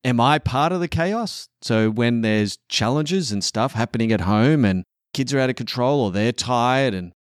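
A man's voice: mid-range voice, lively intonation, normal speed, hardly any pauses, no room sound, studio quality. A middle-aged man talking candidly as a father on a podcast, earnest and often swearing. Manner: earnest, swears often, acts out quotes in a raised voice. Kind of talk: candid casual podcast talk.

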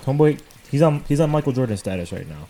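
A man's voice: medium pitch, animated, fast talker, dark tone. A man chatting casually as a podcast co-host, easygoing, with short replies and hedged takes. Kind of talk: casual chat.

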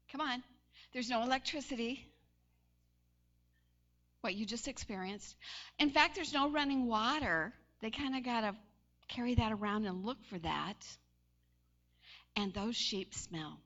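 A woman delivers a sermon in a relaxed, storytelling manner, her voice high and bright. She shifts from chatty anecdote into animated emphasis. The recording sounds somewhat dull and lo-fi. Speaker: preacher.

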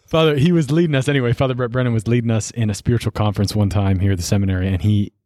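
A young man, a seminarian co-hosting a podcast, talking through faith topics in an earnest, explanatory and gently preachy way. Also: lowish voice, steady tone, racing, dry recording, clean studio sound. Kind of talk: casual faith discussion.

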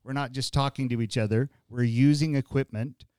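Man, podcast host, conversational, restarts phrases, mid-pitched voice. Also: steady tone, brisk, darkish tone, clean tone, no echo. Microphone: studio podcast mic.

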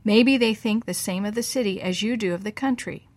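A woman's voice: mid-range voice, fairly quick, close to an everyday voice. A woman reading aloud and voicing a teasing, take-charge boy who gives firm, reassuring orders. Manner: bossy, reassuring. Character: steady, teasing older brother, a boy.

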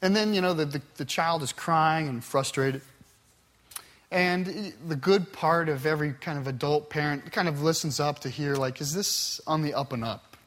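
A man's voice: a little high, moderate pace, fairly bright tone. A middle-aged man teaching a Bible class in a conversational way, telling a personal story earnestly with frequent restarts.

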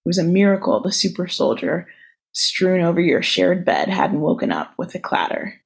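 A woman hosting a podcast, reading a romance story aloud in an even, intimate way. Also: fairly low pitch, normal speed, creaky, slightly rough. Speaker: podcast host reading fan fiction.

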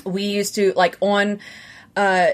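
A woman from Baton Rouge with a Southern accent, co-hosting a casual chat podcast, tipsy from wine, laughing and relaxed. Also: medium pitch, slow. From Baton Rouge, Louisiana. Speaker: podcast co-host.

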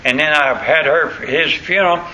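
Folksy older preacher, bright voice. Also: male voice, on the high side, normal speed. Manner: folksy, rambling storytelling with colloquial grammar. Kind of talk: sermon. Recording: muffled lo-fi recording with faint noise.

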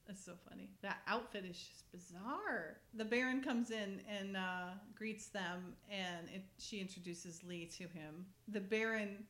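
A woman's voice: medium pitch, a little slow, hardly any pauses, fairly bright tone, echoey room. A woman in casual chat, animatedly retelling a TV episode and acting out the characters' lines between laughs. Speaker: co-host recapping a TV episode.

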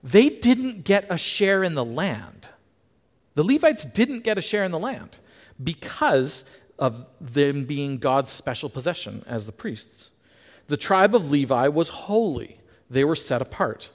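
A man's voice: fairly high pitch, a little slow. A man preaching a sermon to a congregation, emphatic and conversational, often checking in with his listeners. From Canada. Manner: lively, emphatic, asks the congregation questions. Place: church hall. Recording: reverberant church hall.

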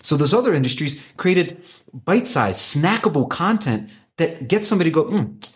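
A man who is a company executive, pitching his product in an animated, emphatic way with frequent restarts. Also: a little fast. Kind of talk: conversational business pitch.

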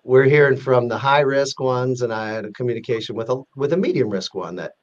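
A man's voice: mid-range voice, a little fast. Earnest man explaining on lo-fi audio. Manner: earnest, explanatory, with frequent restarts and acted-out example quotes. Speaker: guest explaining a corporate risk rating database. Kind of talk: casual interview talk.

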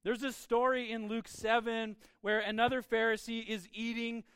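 A man pastor giving a conversational sermon, energetic and informal, often repeating words and asking "right?". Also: very high-pitched, normal speed, clean tone, dry recording, studio quality. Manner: swings into quiet acted voices for quotes.

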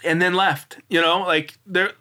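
A man in his forties talks as a podcast guest, with a bright, clear-edged tone. He tells his story earnestly and loosely. He keeps restarting sentences and leans on little fillers. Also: high voice, fairly even intonation, measured pace. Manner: earnest, rambling, many restarts and "like"s. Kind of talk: casual storytelling interview.

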